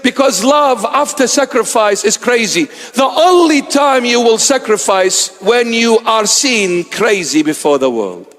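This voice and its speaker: A man's voice: high voice, sing-song, a little slow, hardly any pauses, fairly bright tone, soft background music. A man preaching as a bishop, telling stories and acting out the people in them. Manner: storytelling, acts out quoted voices. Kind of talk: sermon. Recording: long hall reverb.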